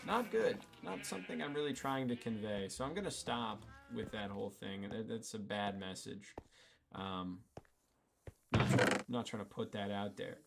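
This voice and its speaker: A man with a low, gravelly voice talks through his gameplay in a loose, rambling way, tossing out jokey asides and plenty of ums and uhs. Heavy noise sits under the recording. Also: normal speed. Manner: rambling, joking asides with many fillers. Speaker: gaming channel host. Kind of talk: casual gameplay commentary.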